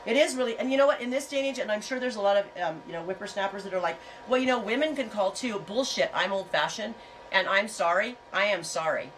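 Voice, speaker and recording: A woman's voice: mid-range voice, quick pace, fairly bright tone, recorded from a distance, a little hiss or hum, poor audio. A middle-aged woman hosting a casual livestream chat, talking in a frank, rambling way and telling stories with animation. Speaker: host.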